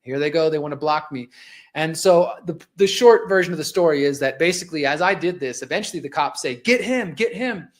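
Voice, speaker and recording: A man in his forties hosting a live show with a slightly higher voice. He tells a personal story in an impassioned, conversational way. He talks viewers through video clips as he goes. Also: fast. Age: 40s. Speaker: host.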